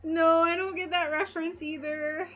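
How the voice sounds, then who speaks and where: A young woman with a very high, fairly bright voice chats casually with her live-stream viewers while doing stained glass work. She speaks at normal speed with a level tone, bubbly and gushing.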